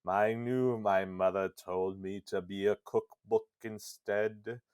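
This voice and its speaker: A dry, self-deprecating talking book from a video game, as a man puts him on while retelling a scene. He speaks low, slow and resigned. The recording is close and dead. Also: fairly even intonation, darkish tone, clear, resonant tone, no room sound.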